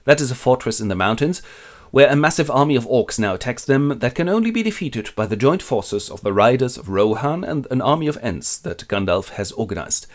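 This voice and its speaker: A man with a German accent telling a fantasy epic as a quick comic retelling, narrating and jumping into character voices. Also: very animated. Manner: playful, switches into squeaky voices for characters.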